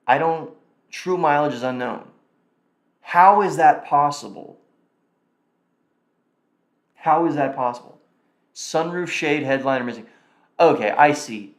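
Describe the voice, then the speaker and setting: A man hosting a casual live stream, his voice sitting at an ordinary middle pitch. He thinks aloud and mutters quick reactions as he goes. The sound is roomy, with a clear echo around him. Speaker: livestream host.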